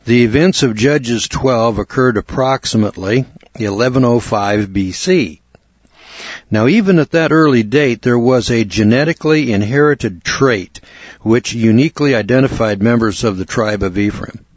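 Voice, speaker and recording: A man from the United States teaching a Bible lesson in a measured, deliberate way, now and then clearing his throat. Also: mid-range voice, dry recording. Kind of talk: explanatory Bible lecture. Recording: dull, dry recording.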